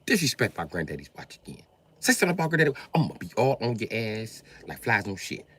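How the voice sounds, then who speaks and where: Man impersonating a brash, fast-talking loudmouth; repeated quick threats, bright and lively. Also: lowish voice, breathy edge, exaggerated voice. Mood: threatening. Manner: rapid threatening bursts, repeating himself. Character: brash loudmouthed man ranting over a watch.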